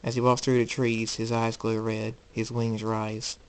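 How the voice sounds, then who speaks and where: A man narrating his own fan story aloud, halting and repeating words. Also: lowish voice, monotone, heavy background noise. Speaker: hobby storyteller.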